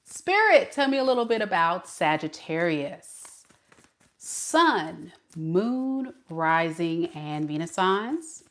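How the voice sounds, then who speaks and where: Woman tarot reader from the southern US, live stream, slow-paced and chatty. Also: on the low side, very animated, a bit bright. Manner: chatty, laughs often, talks to live chat. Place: home at night.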